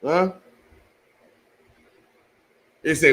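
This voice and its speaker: A man hosting a show, reading scripture slowly and haltingly, then talking it over loosely and with swearing. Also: fairly high pitch, expressive, bright, forceful tone, poor audio. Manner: reads verses slowly and haltingly, then talks loosely and profanely. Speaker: show host. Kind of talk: casual scripture reading with commentary.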